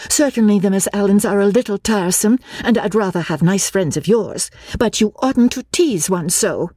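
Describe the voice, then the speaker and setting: A woman's voice: mid-range voice, moderate pace, dark tone, dry recording, studio quality, voice pushed up, natural voice. A woman voicing a proper young English lady, earnest and slightly nervous. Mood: flustered.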